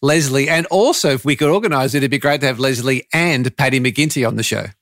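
Chatty podcast host. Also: male voice, medium pitch, fast talker, fairly bright tone, no echo, clean studio sound. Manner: friendly, rambling anecdotes, says mate. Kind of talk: casual interview chat.

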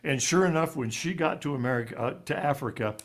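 Halting man recounting a painful story. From raised in Ivory Coast. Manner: halting, repeats words, voice drops low and quiet on painful parts. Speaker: author and interview guest. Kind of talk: personal storytelling in an interview.

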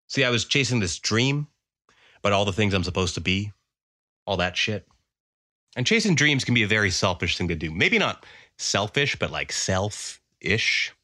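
A Canadian man tells a funny personal story on stage, his fairly low voice swinging dramatically between hushed and emphatic.

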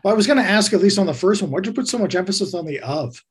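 A man with a very husky, rough voice trades sarcastic jabs with his brothers on a podcast. His pitch jumps around a lot as he needles them. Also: animated, rapid-fire. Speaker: co-host. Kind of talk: casual chat among brothers.

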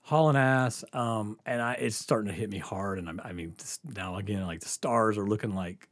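A man's voice: lowish voice, moderate pace, no room sound, clean studio sound. A man casually telling a story, laughing often and swearing freely.

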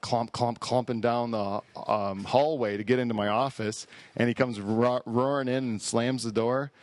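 A man's voice: mid-range voice, no echo. A man hosting a podcast in casual chat, telling rambling, profane stories and laughing at his own jokes. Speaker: podcast host. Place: studio hall.

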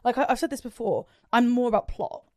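A British woman co-hosting a podcast, chatting casually and telling a story with lively put-on voices. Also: a little high, dry recording, clean studio sound. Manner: chatty, animated storyteller, puts on quick voices. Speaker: podcast co-host. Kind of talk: casual chat.

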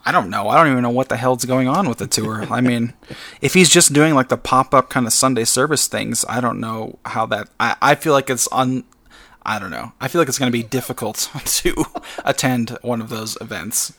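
A man's voice: medium pitch, normal speed, pushed and bright. A man speaking as a podcast guest in casual chat, hesitant, with lots of fillers and laughs.

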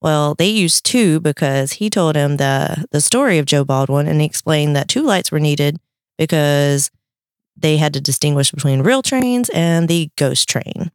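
A woman from North Carolina tells a local legend on a podcast, brisk and amused. Her voice sits a little low for a woman. It sounds close and dry. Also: no room sound. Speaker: podcast host, storyteller. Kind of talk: casual chat, telling a legend.

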